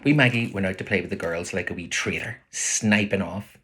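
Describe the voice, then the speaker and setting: A man with a Belfast accent, reading his own novel aloud with lively voices for the characters. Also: deep voice, fairly quick, slightly rough. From Northern Ireland.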